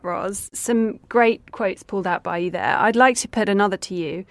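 A woman's voice: mid-range voice, normal speed, hardly any pauses, fairly bright tone, no room sound. Woman news podcast host, dry close mic.

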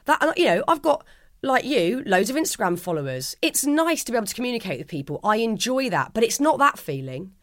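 A woman's voice: a little high, sing-song, a little fast, fairly bright tone, no room sound, studio quality. A middle-aged woman, a guest in an interview, speaking in a heartfelt, earnest way, often restarting her sentences. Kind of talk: reflective interview conversation.

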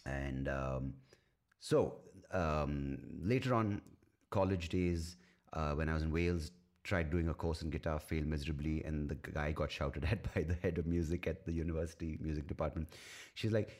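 Guy in his 30s, super deep voice, rambling podcast chat, lots of swearing. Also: moderate pace, darkish tone. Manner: rambling, self-mocking, swears freely. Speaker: podcast host. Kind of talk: casual solo podcast chat.

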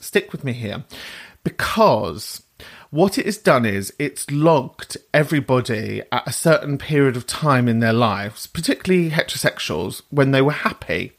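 A man's voice: medium pitch, lively intonation, normal speed. A man hosting a podcast in casual chat, cheeky and sweary, laughing often. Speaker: podcast host.

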